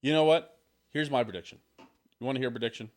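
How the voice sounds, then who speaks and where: A man's voice: mid-range voice, fast talker. A man co-hosting a sports podcast in loose, joking chat, swearing freely. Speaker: podcast co-host.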